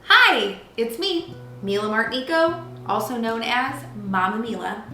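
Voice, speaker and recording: A woman's voice: on the high side, expressive, a little slow, bright, forceful tone. A woman in her thirties hosting a cooking show from her kitchen, chatting playfully and telling stories with lots of fillers. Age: 30s. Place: home kitchen. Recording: roomy kitchen with music behind.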